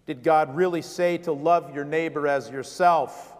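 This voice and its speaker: A man's voice: on the high side, fairly even intonation, unhurried, in a large hall. A man preaching a sermon as vicar, driving points home with repeated rhetorical questions.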